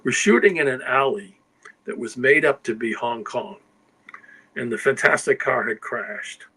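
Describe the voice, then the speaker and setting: An older man who is a guest writer tells anecdotes in a rambling, casual way, regularly checking in with "you know" and "okay?". His mid-range voice is a little slow, with a sharp tone and breathy edge, on a rough recording.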